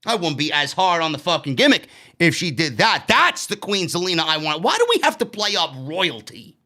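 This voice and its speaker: A man's voice: a little high, sing-song, brisk, sharp tone. A man reviewing a wrestling show on his own, blunt and sarcastic, swearing freely. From New York. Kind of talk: opinionated solo show review.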